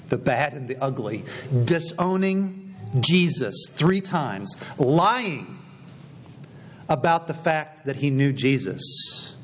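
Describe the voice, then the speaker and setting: Man preaching a storytelling sermon. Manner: storytelling, acting out quoted dialogue. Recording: slightly dull recording with faint low rumble.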